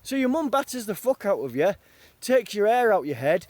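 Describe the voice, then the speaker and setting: A man's voice: high-pitched, sing-song, moderate pace, a little mellow, no echo. A man from northern England in a rambling, profane confessional monologue, jumping between quotes and outbursts. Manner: raw, profane, jumps between quotes and rants.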